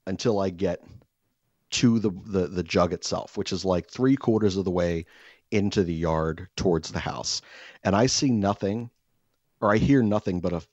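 A man telling a self-mocking comic story in casual chat, animated and swearing freely. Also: low-pitched, a little slow, pauses often, dry recording, highs cut off.

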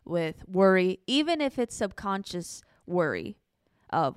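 A woman's voice: fairly low pitch, big pitch swings, measured pace, clean tone, dry recording, clean studio sound. A woman pastor co-hosting a church livestream in a playful, chatty way. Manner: playful and chatty, laughs often. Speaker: pastor and co-host. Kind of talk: casual chat.

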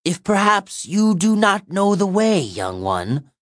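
Seraphine, a gravelly ancient she-monster voiced by a man. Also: very animated, slow pace, a bit bright, no room sound, studio quality, full character voice. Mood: scornful. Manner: imperious, shrill.

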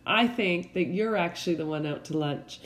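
A woman's voice: fairly low pitch, normal speed, over a noisy crowd. Playful arguing woman, echoey room. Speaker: podcast co-host. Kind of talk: casual bickering chat. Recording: echoey room, faint background noise.

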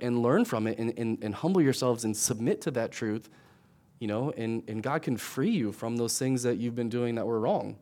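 A man's voice: medium pitch, darkish tone. A young adult man preaching a sermon in a conversational, storytelling way, building to emphatic points. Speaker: pastor.

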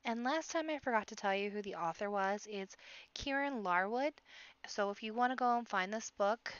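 A woman reading a children's book aloud, lively and expressive. Her voice is smooth and clear, dry and close, with a slightly muffled sound. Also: mid-range voice, moderate pace, no echo.

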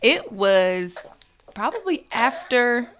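A woman's voice: a little high, big pitch swings, takes it slowly, a bit bright, slight background noise. A young woman, a mother, telling an emotional personal story as an interview guest, acting out quoted dialogue and laughing often.

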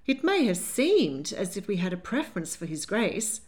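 Woman doing a fluttery anxious lady mother, high plaintive voice, lots of swoops. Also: big pitch swings, moderate pace, natural voice. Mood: fretful.

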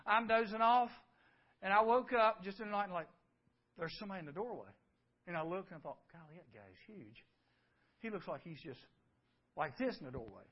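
A man giving a youth sermon, an animated storyteller who acts out scenes and drops into hushed tones. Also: high-pitched. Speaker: youth camp speaker. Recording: dull lo-fi recording.

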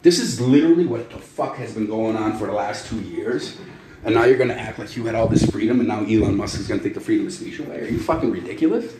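An animated male podcast host with a voice on the low side rants at a quick pace, angry, sarcastic and very profane. There's a crowd in the background, and the room is echoey with faint noise.

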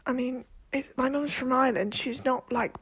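A young woman with a high voice rants through a casual solo monologue. She sounds exasperated, swears freely and keeps slipping into whispered asides. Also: steady tone, moderate pace, husky. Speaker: podcast host.

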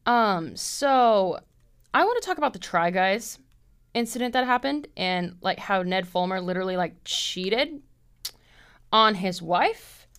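A young woman in her twenties hosting a casual solo podcast from her apartment, telling stories in an animated way, acting out quoted people in a higher voice and swearing freely. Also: unhurried, clean tone. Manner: animated storytelling, acts out quotes in a high voice, swears. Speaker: podcast host.

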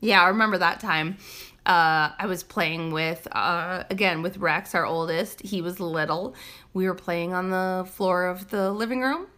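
A woman's voice: lowish voice, unhurried, pushed and bright. A woman in her thirties co-hosting a podcast, chatting casually and swearing freely. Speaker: podcast co-host. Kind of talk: casual chat.

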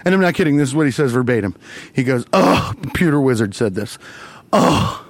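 A man telling a profane story in an animated way, jumping into high mocking voices when he quotes people. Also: a little fast, dry recording.

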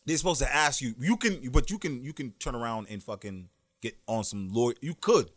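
A man's voice: mid-range voice, expressive, a little fast, fairly bright tone, no room sound. Podcast guy giving advice, emphatic, voice bouncing all over, dry mic. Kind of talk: casual podcast chat.

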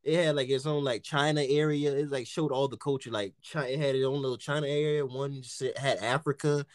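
Here a man spins a story over casual conversation, cursing freely, laughing a lot, and impersonating the people involved. The studio-quality recording is dry, and his mid-range voice keeps a brisk pace.

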